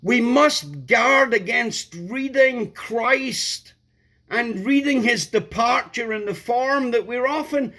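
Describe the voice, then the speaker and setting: A man's voice: very high-pitched, slow pace, bright, forceful tone. A man preaching a sermon, emphatic and repeating key words for stress.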